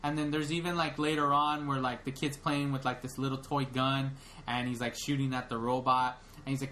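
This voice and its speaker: Rambling young man, bright voice. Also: mid-range voice, little pitch movement, fairly quick, slight background noise. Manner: rambling, many "like" fillers and restarts. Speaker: podcast co-host. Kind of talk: casual chat, retelling a movie.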